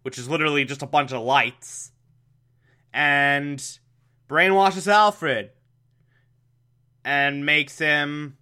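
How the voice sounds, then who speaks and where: Male host, casual comic recap, wry and chatty, bright, slightly high voice. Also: slow, pauses often, smooth. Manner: wry, chatty, laughing asides. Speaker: show host recapping an episode.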